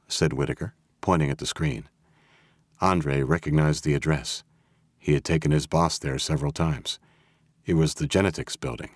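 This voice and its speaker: A man narrating a thriller audiobook in a steady, even storytelling manner. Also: very deep voice, moderate pace, dry recording. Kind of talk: scripted narration. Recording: dry close studio audio.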